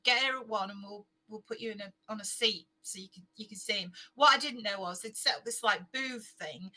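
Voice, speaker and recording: A woman's voice: mid-range voice, brisk, sharp tone, low-quality recording. A middle-aged woman, a guest on an interview, chatting casually and telling stories. She laughs often and acts out what people said. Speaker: interview guest, fanfiction author.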